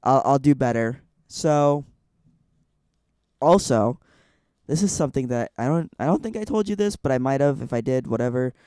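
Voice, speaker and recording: A man's voice: mid-range voice, animated, moderate pace, pauses often, warm tone, clear, resonant tone, dry recording, studio quality. A young man from Illinois telling a personal story on a podcast, rambling with lots of "like" fillers. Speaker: podcast guest. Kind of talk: casual storytelling.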